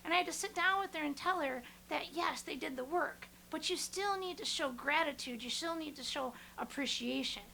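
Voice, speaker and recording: Animated high-voiced woman podcast host. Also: moderate pace, gravelly, hardly any pauses, a little hiss or hum. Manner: animated, excitable storyteller. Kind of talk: storytelling podcast monologue.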